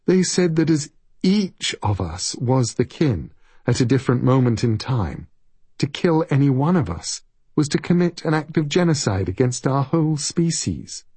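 A man's voice: big pitch swings, moderate pace, warm tone, dry recording. A man voicing a guttural masked time creature. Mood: condescending. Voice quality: deep, guttural, later breathy and sweet. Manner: patronizing, calls people dear. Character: ancient time-hopping creature, masked, menacing. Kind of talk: audiobook reading.

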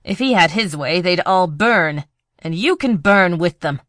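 Defiant scared young woman, voiced by a narrator, tense, crisp delivery. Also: mid-range voice, expressive, measured pace, a bit bright, no echo, clean studio sound. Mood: furious.

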